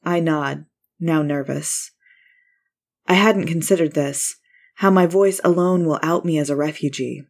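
A woman with a notably low voice narrates a first-person short story. Her reading is measured and wry, steady from line to line.

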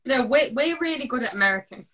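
A woman's voice: high voice, quick pace, slight background noise. A teenage girl hosting a live stream, chatting casually and reading out viewer comments. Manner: relaxed, chatty, reads out comments.

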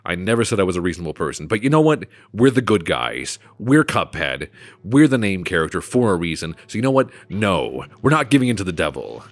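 Low-voiced man swearing through a game. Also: fairly bright tone. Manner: swearing, self-mocking jokes. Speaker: let's play commentator. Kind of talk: gameplay commentary.

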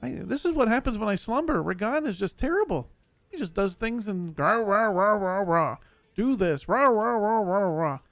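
A sweet-natured, simple barbarian warrior, played by a man, who speaks in stiff, earnest sentences with no contractions. The voice sits high and has a gravelly edge. It sounds close and dry. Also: expressive, normal speed, fairly bright tone, dry recording, soft background music. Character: simple-minded gentle male barbarian warrior. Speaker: streamer. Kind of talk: roleplay in a survival game.

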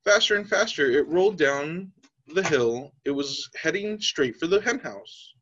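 A man's voice: fairly high pitch, lively intonation, measured pace, fairly bright tone, breathy edge. A man teacher reading a children's picture book aloud, telling the story expressively. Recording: slightly dull lo-fi sound.

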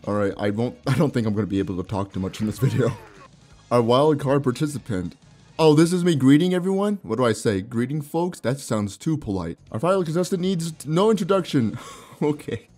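Young guy with a sore mouth doing let's play commentary, jokey, laughs a lot, mid-pitched voice. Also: darkish tone. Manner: playful, joking, laughs often, reads game text aloud. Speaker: gaming YouTuber.

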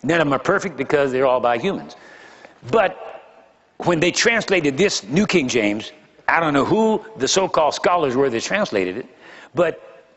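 A man's voice: medium pitch, fairly bright tone. Older male pastor, conversational sermon, rhetorical questions, long hall echo, muffled recording. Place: large church hall.

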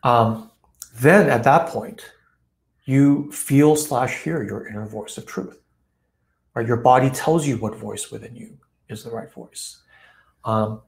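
Man, host, relaxed reflective talk on a folk tale, video call sound. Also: mid-range voice. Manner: relaxed, frequent fillers, acts out quoted voices with laughs. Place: online live session.

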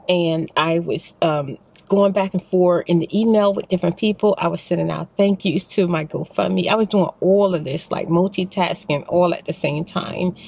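A tired, middle-aged Texan woman rambles softly to her viewers in a soft-spoken vlog. Her low voice is gravelly and husky, and she sounds exhausted and emotional as she talks from her parked car. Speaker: ASMR vlogger.

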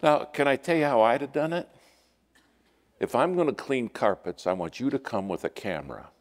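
A man preaching a sermon in a church, telling stories and acting out the quotes with lively shifts of voice. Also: mid-range voice, normal speed. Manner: storytelling with lively acted-out quotes. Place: church sanctuary. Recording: long hall reverb.

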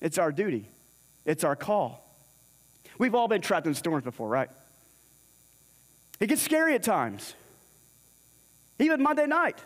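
Man, very high voice, sermon, storytelling preacher, long church reverb. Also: sing-song, measured pace, long pauses. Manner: storytelling, acts out the dialogue in scripture. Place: church sanctuary.

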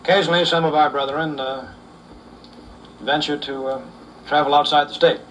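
A man tells folksy humorous stories at an unhurried pace, leaning on "uh"s. His voice sits slightly high for a man. It is picked up from a distance with faint noise in the background. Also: fairly even intonation, a bit bright. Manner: unhurried, with fillers. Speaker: storyteller.

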